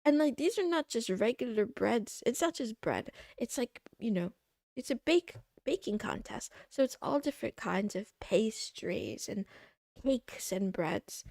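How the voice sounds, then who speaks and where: Woman streamer, slow unhurried chat, slightly high voice, excitable rambling with playful meows, dry close sound. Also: creaky, no echo. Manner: rambling and excitable, meowing between remarks. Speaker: livestreamer. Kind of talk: casual chat to a live audience.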